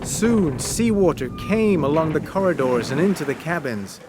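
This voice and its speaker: A man reading a story aloud as narrator, slow and deliberate with expressive delivery. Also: on the high side, background noise.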